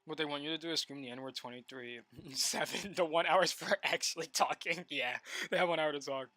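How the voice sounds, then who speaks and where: A young adult man talking casually on a live stream while gaming, rambling and animated, full of "like" and stop-start restarts. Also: fairly high pitch, a little fast, no echo. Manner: rambling and animated, heavy use of "like" and repeated restarts.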